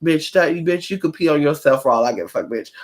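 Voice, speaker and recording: This home vlog features a spiritual practitioner talking fast with a medium-pitched, expressive voice. The conversation is casual, rambling, sassy, and full of profanity.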